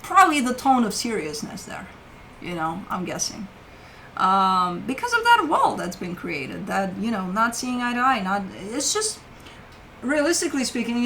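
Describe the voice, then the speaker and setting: A woman's voice: fairly high pitch, bright, forceful tone, slight background noise, low-quality recording. A woman giving a casual weekly tarot reading as the host, swearing freely and chatting loosely as she lays out cards. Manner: swears casually, talks to her pet between cards. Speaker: tarot reader.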